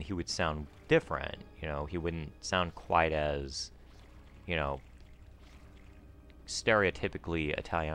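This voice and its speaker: A man's voice: low-pitched, fairly bright tone, smooth. A man hosting a let's play, chatting casually and rambling through trivia while he plays, and yelping when he fails. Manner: yelps when failing in the game. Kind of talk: casual gameplay commentary.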